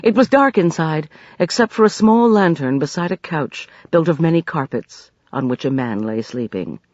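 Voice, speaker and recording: A man narrating an audiobook in a measured, expressive way. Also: a little high, no echo, muffled recording.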